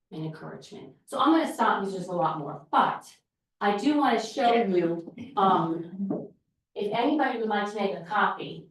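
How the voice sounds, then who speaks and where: A woman teacher giving an informal talk to a group, telling lively stories and acting out classroom exchanges. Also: fairly low pitch, recorded from a distance. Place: large echoey church hall. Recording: very echoey hall, voice picked up from afar.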